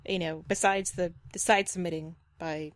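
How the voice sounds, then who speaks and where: A woman's voice: lowish voice, fairly even intonation, moderate pace, no room sound. A woman dog trainer giving reaction commentary, critical and explanatory, repeating her points firmly.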